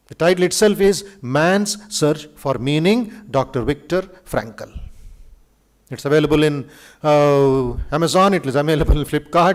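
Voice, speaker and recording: A monk with an Indian English accent giving a lively spiritual lecture to students in a university auditorium, telling stories with dramatic flair. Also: male voice, on the high side. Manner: animated storyteller, acts out quoted speech, chuckles.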